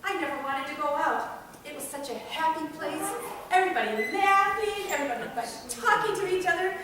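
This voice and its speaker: A woman's voice: high voice, expressive, brisk, heavy background noise. A woman on stage playing a fussy, fragile housewife who talks in hesitant, fluttery bursts. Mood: wistful. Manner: fluttery, hesitant, with many ums and ohs. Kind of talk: stage comedy acting. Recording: echoey stage from far off.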